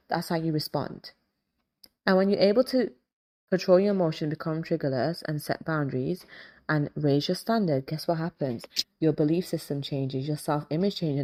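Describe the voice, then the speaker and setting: A woman hosting a faith-based motivational talk, animated and casual, often acting out inner dialogue. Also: low voice. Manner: casual, repetitive affirming delivery. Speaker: host, hypnotist and life coach.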